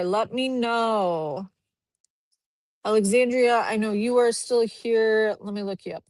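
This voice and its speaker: A woman recruiter with a slightly high voice speaks a little slowly while hosting a live stream from her home office, a dog nearby. Chatty and upbeat, she thinks aloud while clicking through profiles, and the recording has no room sound.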